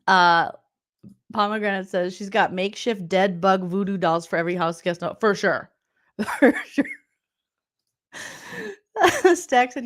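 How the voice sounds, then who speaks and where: A woman comedian recapping reality TV in a loud, profane, incredulous rant, laughing often. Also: medium pitch, expressive, measured pace, long pauses.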